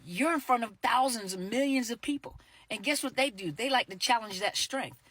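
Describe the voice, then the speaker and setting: A woman's voice: fairly high pitch, a bit bright, no room sound. Chatty woman therapist, dry close sound. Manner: conversational, repeats herself, many "you know" fillers, acts out quick quoted exchanges. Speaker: therapist and coach. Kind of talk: casual direct-to-camera talk.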